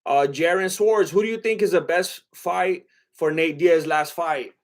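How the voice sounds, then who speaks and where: A young man chats loosely on a livestream, his voice sitting a little high for a man. He rambles and hesitates, trailing off into fillers and starting his sentences over. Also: measured pace. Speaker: livestream host reading chat. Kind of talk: casual livestream chat.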